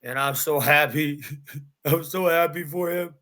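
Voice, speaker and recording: Intense, bright-voiced fighter man. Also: on the high side, measured pace. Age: adult. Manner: intense, emphatic storytelling with repeated phrases. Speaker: bare-knuckle fighter. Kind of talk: post-fight interview.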